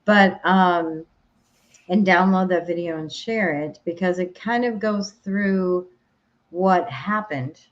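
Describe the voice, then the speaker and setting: A woman's voice: fairly low pitch, slow, highs cut off. Minnesotan woman, rambling podcast chat. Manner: rambling, searches for words, laughs easily. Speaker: podcast co-host. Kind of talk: casual chat.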